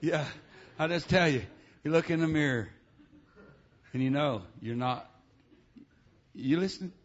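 Shouting preacher with "amen" fillers. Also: male voice, on the high side, unhurried, lo-fi sound. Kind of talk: revival sermon. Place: church.

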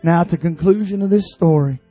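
A man preaching a sermon at a youth camp in an impassioned way, building from quiet appeals to shouted cries. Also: high voice, a little fast, slightly rough, faint music behind.

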